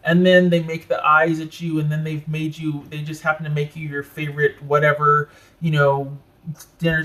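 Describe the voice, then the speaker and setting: A man giving a casual tarot reading, talking in a chatty way with animated asides and frequent self-interruptions. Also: fairly high pitch, a little fast. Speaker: tarot reader.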